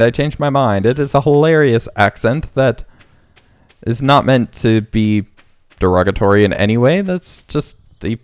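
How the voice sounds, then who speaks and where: A man's voice: mid-range voice, clear, resonant tone. A man hosting a casual let's play, rambling and thinking aloud as he plays. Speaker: gaming channel host.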